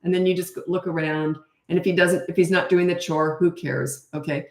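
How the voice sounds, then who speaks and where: A middle-aged woman coaching parents in a casual Q&A, blunt and matter-of-fact, now and then acting out short quotes in a higher voice. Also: flat delivery, fairly quick, few pauses. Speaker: parenting coach answering viewer questions. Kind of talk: casual live Q&A. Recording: roomy echo.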